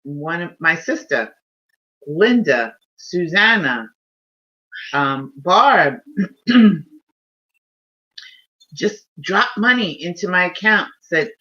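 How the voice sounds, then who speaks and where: A woman's voice: fairly low pitch, big pitch swings, extremely slow, long pauses, bright, forceful tone. A woman hosting a casual live stream, telling a personal story in an emotional, heartfelt way. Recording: dull lo-fi stream audio.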